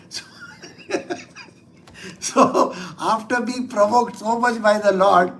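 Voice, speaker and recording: A man's voice: high-pitched, takes it slowly, long pauses, rough recording. A man gives a scripture lesson as a spiritual teacher, reading verses and then explaining them casually. His talk is conversational and often broken by little chuckles.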